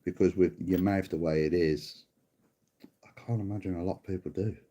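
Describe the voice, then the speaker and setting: A man's voice: sits low, fairly even intonation, normal speed, warm tone, dull audio. Sweary man bickering with chat. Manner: bickering, sweary, mocking, calls people mate. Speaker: livestream host. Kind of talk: casual livestream chat answering viewers.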